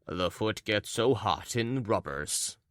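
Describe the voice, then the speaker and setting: Man voicing a shy polite young man, smooth clear voice, dry close sound. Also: on the low side, lively intonation, slow, a bit bright, no echo. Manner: polite, slightly intimidated.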